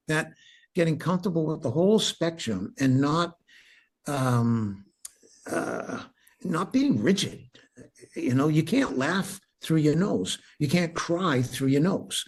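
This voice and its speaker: Animated husky-voiced man teaching. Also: fairly high pitch, slow, pauses often. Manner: animated, enthusiastic, laughs often, restarts sentences. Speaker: breathwork teacher, podcast guest. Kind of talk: casual interview talk.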